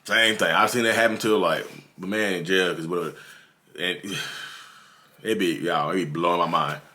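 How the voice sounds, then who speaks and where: A man's voice: deep voice, steady tone, moderate pace, bright, forceful tone. A man from North Carolina with a Southern drawl, talking earnestly and repetitively to his viewers as the host of his own channel. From North Carolina, USA. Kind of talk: casual advice monologue.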